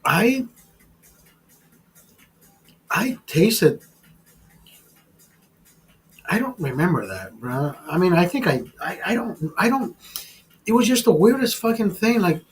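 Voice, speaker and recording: A man's voice: sits high, very animated, slow pace, pauses often, faint music behind, rough recording. A man hosting a livestream chat, telling crude, rambling stories full of swearing and calling viewers brother. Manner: addresses viewers as brother and bro. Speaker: livestream host. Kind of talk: casual chat.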